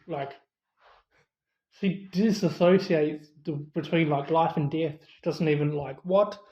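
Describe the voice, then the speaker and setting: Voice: medium pitch, unhurried, warm tone, roomy sound, dull audio. A movie reviewer casually retelling a horror film's plot, with many fillers and quoted asides.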